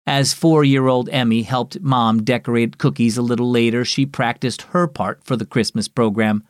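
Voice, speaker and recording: A man hosting and narrating a children's devotional story program in an expressive storytelling manner. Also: medium pitch, normal speed, no echo. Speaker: host and narrator.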